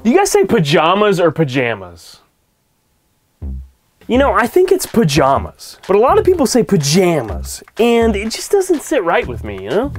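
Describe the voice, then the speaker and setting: A man's voice: high voice, wildly swooping pitch, normal speed, faint music behind. A man casually chatting to the camera in a van vlog in a playful, joking manner. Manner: playful, talks to his dog, sings goofily. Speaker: vlogger. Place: camper van in winter.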